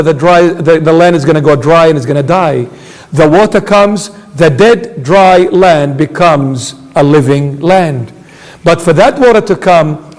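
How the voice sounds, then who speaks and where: A man's voice: high-pitched, big-room sound. A man preaching a sermon as a bishop, emphatic, asking rhetorical questions and answering them himself.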